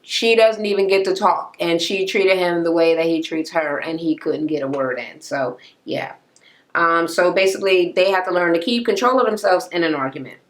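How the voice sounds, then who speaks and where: A woman's voice: lowish voice, moderate pace. A woman ranting in a casual recap of a reality show, blunt, profane and mocking. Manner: exasperated, animated.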